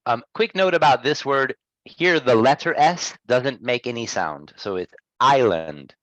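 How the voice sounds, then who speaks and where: A man's voice: mid-range voice, expressive, no echo, poor audio. Patient male pronunciation teacher. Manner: patient, corrects gently and models each word slowly. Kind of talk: one-on-one lesson.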